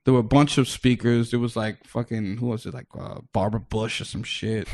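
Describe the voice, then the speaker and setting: A man's voice: medium pitch, fairly even intonation, brisk, darkish tone. A man from the Bronx, a comedian, telling a long casual story as a podcast guest. He swears freely, restarts his sentences, and acts out other people's lines. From New York, the Bronx.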